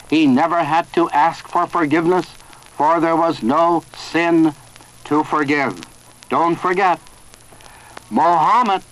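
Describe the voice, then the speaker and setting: A man preaching a sermon in a slow, emphatic way with long pauses. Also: on the high side, poor audio.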